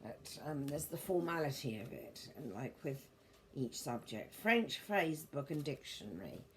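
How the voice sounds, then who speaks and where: A middle-aged woman with a very deep, sing-song voice speaks a little slowly as she shows off her book collection in a vlog. Her casual show-and-tell rambles and meanders, a touch prim, with formal turns of phrase and self-corrections as she goes. Slight background noise is present.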